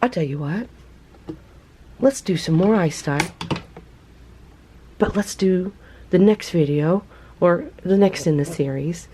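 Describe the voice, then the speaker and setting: Lady chatting thru a craft tutorial, easygoing slow pace, gets excited, slight background hiss. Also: on the low side. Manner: chatty, excitable, talks to herself while showing results. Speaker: craft video host.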